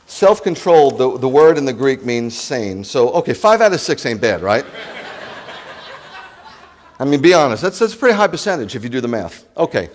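Animated New rabbi preaching. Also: male voice, mid-range voice, normal speed, a little hiss or hum. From New York. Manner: animated, joking, addresses the congregation directly. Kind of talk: sermon.

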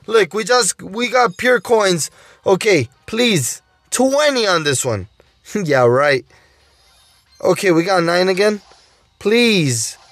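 A man's voice: high voice, expressive, takes it slowly, a bit bright, no room sound. A male YouTuber giving gameplay commentary while opening loot boxes, pleading for luck and calling out to his viewers again and again. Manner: pleading, keeps saying "guys" and "oh my dude". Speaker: mobile gaming YouTuber.

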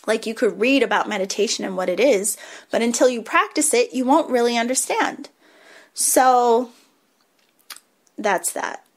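A woman's voice: a little high, measured pace, pauses often. A woman hosting a spiritual podcast, talking in a casual, rambling and reflective way, with small laughs and restarts. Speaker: podcast host, reiki teacher.

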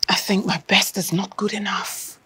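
An actress playing a grieving mother of a missing daughter, speaking slowly in a breathy, tearful whisper. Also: high-pitched, lively intonation, darkish tone, rough recording. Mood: despairing. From Nigeria. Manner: tearful, slow, despairing. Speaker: actress in a film. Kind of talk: film drama acting.

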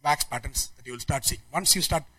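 A man giving a technical conference talk, talking quickly with frequent restarts and fillers. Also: fairly high pitch, bright, forceful tone, husky, low-quality recording. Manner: rapid, many restarts and fillers. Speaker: conference speaker.

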